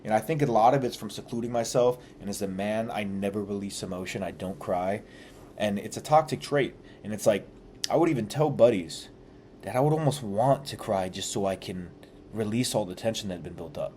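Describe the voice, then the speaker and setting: A man's voice: fairly low pitch, brisk, darkish tone, slight background noise. A young man talking earnestly and confessionally about his own life, in casual slang with some swearing. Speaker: vlogger. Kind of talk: candid personal reflection.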